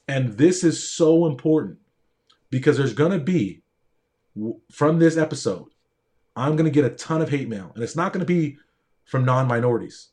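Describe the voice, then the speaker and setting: A man's voice: mid-range voice, expressive, fairly quick, darkish tone. A middle-aged man, a doctor, telling a story in an earnest, emphatic monologue and repeating phrases for stress.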